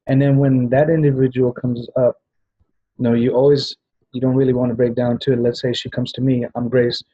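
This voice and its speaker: A man's voice: mid-range voice, little pitch movement, fairly quick, slightly rough, lo-fi sound. A man giving a rambling training talk to sales agents, often restarting and checking in with "right?". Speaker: business trainer at a travel party.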